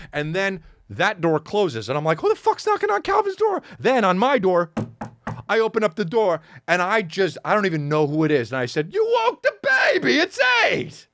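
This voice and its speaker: A man in his forties, a podcast host telling a comedic story as a profane, animated rant full of acted-out voices. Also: on the high side.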